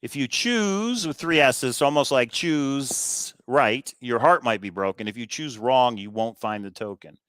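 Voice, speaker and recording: A man's voice: medium pitch, fairly even intonation, moderate pace, few pauses, fairly bright tone, dry recording. Chatty man thinking aloud, dry sound. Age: adult with kids. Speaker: treasure hunt video host. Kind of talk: casual walkthrough commentary.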